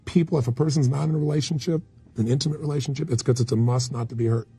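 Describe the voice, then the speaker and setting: Gravelly fast-talking man, blunt storyteller. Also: mid-range voice, steady tone, dark tone, faint music behind. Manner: storytelling, blunt, acts out quotes. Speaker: motivational speaker. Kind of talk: candid conversational interview.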